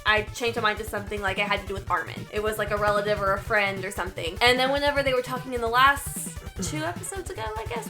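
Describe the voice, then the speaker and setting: A young woman chatting casually as co-host of a reaction show, telling her guesses with excited quoted reactions. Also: fairly high pitch.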